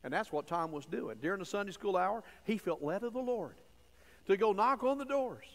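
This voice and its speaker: A man preaching a sermon in a church, folksy and emphatic, dropping to low asides and rising to loud stressed phrases. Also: lively intonation, normal speed. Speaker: pastor. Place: church sanctuary. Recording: long church reverb.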